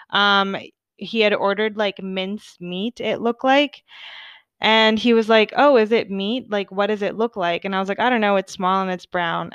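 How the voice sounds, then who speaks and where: A young woman rambles through a flustered storytime, slipping into giggles and endless "like"s. Her voice is smooth and clear at a middle pitch. It sits dry and close to the mic with no room around it. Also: fairly bright tone, no room sound. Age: young adult. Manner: rambling, giggly, full of "like" and "oh my God". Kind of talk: casual storytime chat.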